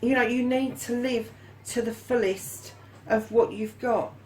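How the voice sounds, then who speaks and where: A woman's voice: fairly high pitch, steady tone, a little slow, a little mellow, low-quality recording. A woman giving a casual tarot reading, chatty and fond, calling her viewers darlings and lovelies and swearing now and then. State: hot and yawning. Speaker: tarot reader.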